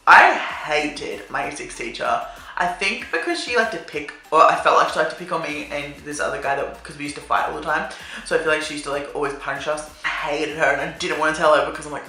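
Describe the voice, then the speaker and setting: A woman's voice: deep voice, quick pace, pushed and bright. A young woman telling a casual storytime to camera, laughing through lines, swearing, and saying "like" a lot. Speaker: vlogger. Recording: echoey room with faint music.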